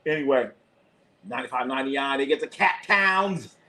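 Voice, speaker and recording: Brief: male live streamer, mid-pitched, loose and loud play-by-play, yells at the players, swears freely. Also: a little fast, poor audio. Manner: excitable, shouts at players, casual swearing. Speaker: sports streamer and live commentator. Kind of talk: live play-by-play commentary and casual sports chat.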